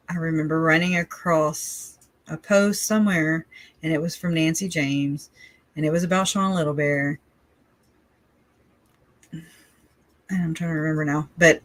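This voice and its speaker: Her voice sitting low and free of echo, a Southern U.S. woman runs a laid-back livestream. She rambles on chattily, frequently laughing between her thoughts.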